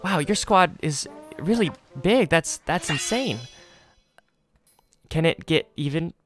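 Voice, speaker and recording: A man's voice: on the high side, expressive, slow, music in the background. A man voicing an eager male researcher who stammers and repeats words. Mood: astonished.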